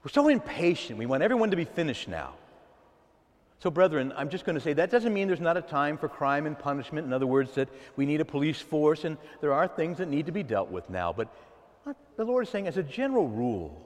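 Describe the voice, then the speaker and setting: A man preaching a sermon to his church, animated, swinging from soft asides to loud outbursts. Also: a little high, brisk, big-room sound. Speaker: pastor.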